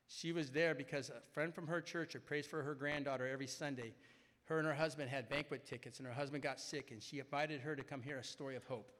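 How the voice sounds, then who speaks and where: A man speaking at a recovery meeting, telling a personal story in an animated way and often tagging his sentences with "right?". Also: medium pitch. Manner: animated, keeps asking "right?". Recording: echoey hall reverb.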